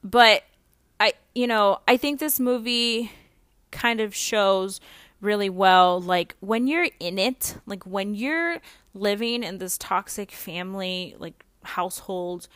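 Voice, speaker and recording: A woman's voice: mid-range voice, slow, fairly bright tone, no room sound, clean studio sound. A young adult woman hosting a podcast in a casual monologue, chatty and blunt, swearing freely and peppering her talk with "like.". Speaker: podcast host.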